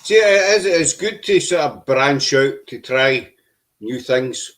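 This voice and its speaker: A man's voice: mid-range voice, expressive, slow pace, fairly bright tone. A man hosting a casual paranormal chat show over a video call, with joking banter. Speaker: podcast host.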